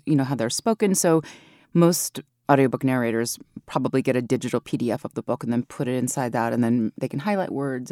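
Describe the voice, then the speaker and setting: Woman, audiobook narrator, interview, very low voice, thoughtful explaining, dry close sound. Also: dark tone, no room sound. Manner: thoughtful, explanatory, laughs easily. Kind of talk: interview conversation. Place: home recording booth. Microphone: studio microphone.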